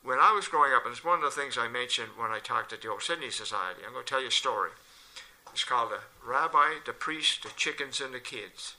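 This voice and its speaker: An older man spins a casual anecdote with a very bright, forceful edge to his voice. He jumps into lively voices for the people he quotes, and his pitch sits at an ordinary middle level. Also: quick pace, rough recording. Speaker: local storyteller.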